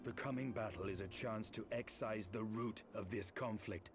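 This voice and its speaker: A man's voice: lowish voice, moderate pace, close to an everyday voice. An actor playing a stern, proud male warrior in a game cutscene, curt and cold. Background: game music.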